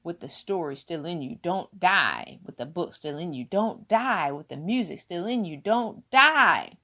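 A woman's voice: on the low side, lively intonation, measured pace, pushed and bright. A woman giving an emphatic motivational talk, hammering points home with repeated words. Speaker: motivational speaker.

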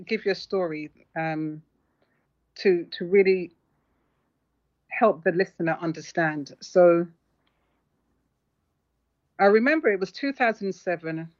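A woman author, recounting a personal story to an interviewer in an earnest, reflective way. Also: on the low side. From London. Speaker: author guest. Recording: muffled lo-fi audio.

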